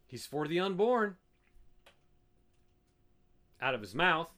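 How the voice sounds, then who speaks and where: A man's voice: a little high, sing-song, slow pace, sharp tone. A man preaching a sermon as a pastor, firing off emphatic rhetorical questions at the church.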